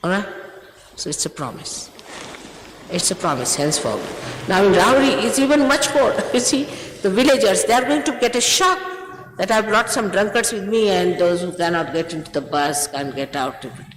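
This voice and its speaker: A woman's voice: medium pitch, expressive, moderate pace, roomy sound, in a large hall, slight background noise, rough recording. An older woman, a spiritual teacher, scolding and urging her followers, emphatic, often repeating herself and laughing between remarks.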